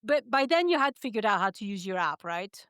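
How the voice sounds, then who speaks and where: A woman's voice: mid-range voice, big pitch swings, fairly quick, a bit bright, clean tone, no echo, studio quality. A woman hosting a podcast interview, speaking frankly and matter-of-factly. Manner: frank, matter-of-fact, with short listening sounds. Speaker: podcast host. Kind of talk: casual interview chat.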